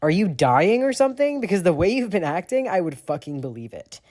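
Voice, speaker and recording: Male narrator playing an irate teen wizard boy, swearing, raised and loud. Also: on the high side, very animated, moderate pace, pitched above the performer's own voice. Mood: angry. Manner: heated, swearing outbursts. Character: angry, cursing teenage boy wizard.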